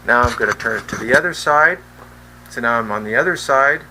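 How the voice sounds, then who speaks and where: This product test vlog features a man trying out a wireless handheld microphone indoors, bluntly asking viewers if they can hear him and the running fan. He talks fairly quickly in a medium, pushed, bright voice. The audio is rough, with a faint hum from the fan.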